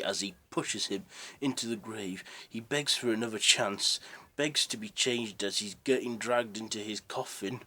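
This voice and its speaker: A man's voice: lowish voice, fairly even intonation, unhurried, pushed and bright. A man casually retelling a story as its narrator, in a rambling, unpolished way.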